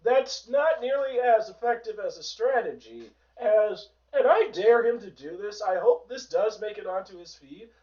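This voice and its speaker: A man with a hoarse voice hosting a sarcastic, profane political rant, in a dull, distant home recording. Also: high-pitched, animated, moderate pace, few pauses, a little mellow. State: hoarse from a sore throat. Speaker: host. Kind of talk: ranting political commentary.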